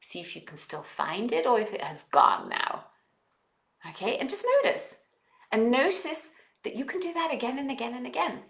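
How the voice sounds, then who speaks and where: A woman with a non-native English accent talking as a parenting coach, guiding listeners through exercises and affirmations in an expressive, coaching manner. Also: fairly high pitch, brisk, gravelly, reverberant. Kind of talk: guided self-help talk with exercises.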